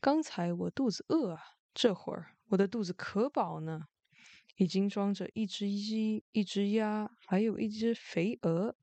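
A woman's voice: mid-range voice, unhurried, dark tone, no echo, natural voice. A woman voicing a sly, greedy male fox who fakes pain and mocks, in a dry storybook reading. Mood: mocking. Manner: sly, mocking, fake moaning.

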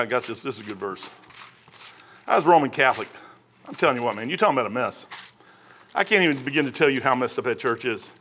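A man's voice: high-pitched, sharp tone. A man preaching a sermon as pastor, in a folksy, conversational way full of slang and asides.

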